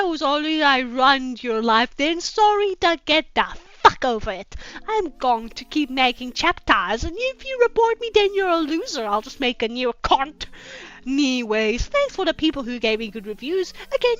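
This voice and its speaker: A woman's voice: sits high, big pitch swings, moderate pace, fairly bright tone. A woman host reading fanfiction aloud with sarcastic, profane commentary and mocking asides. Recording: dull lo-fi with faint music.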